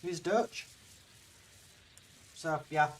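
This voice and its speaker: A man's voice: fairly high pitch, extremely slow, far from the mic. A man from Yorkshire with a mild Yorkshire accent, chatting casually with his live-stream viewers in a rambling way while he plays a game. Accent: mild Yorkshire English. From Yorkshire, England. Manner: chatty and rambling, answers chat between plays.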